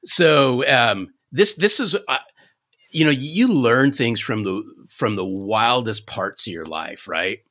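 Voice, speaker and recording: A man in his fifties, a sales coach guest on a podcast, telling a story in an animated, folksy way. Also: mid-range voice, slow pace. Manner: animated, restarts sentences, folksy.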